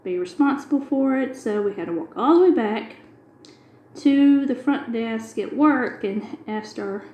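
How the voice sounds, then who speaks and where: A woman's voice: on the high side, lively intonation, measured pace, a little mellow, reverberant, rough recording. A middle-aged woman, chatting casually and retelling a long everyday story with quoted dialogue. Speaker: craft video host. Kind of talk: casual chat while diamond painting.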